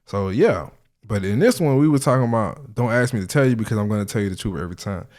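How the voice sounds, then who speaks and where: A man's voice: on the low side, lively intonation, quick pace, darkish tone. A man hosting a casual reaction video, talking in a loose, profane, slang-heavy way.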